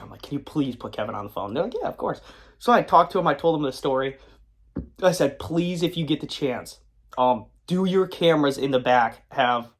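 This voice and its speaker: A young man spins a casual, rambling story from his car, leaning on fillers and restarts. He acts out the other people's lines as he goes. His voice sits at an everyday middle pitch. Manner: rambling, animated anecdote with many fillers. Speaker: comic collector and video creator. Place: his car, in a parking lot.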